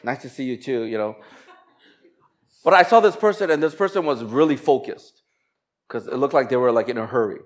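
A man preaching as a pastor, moving from slow, emphatic scripture reading into a chatty, laughing personal story. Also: mid-range voice. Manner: conversational, animated storytelling with laughs and quoted voices.

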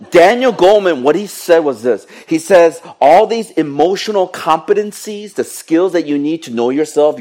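Middle-aged male preacher, lively and joking, talks straight to the congregation. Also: a little high. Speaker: pastor. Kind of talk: sermon.

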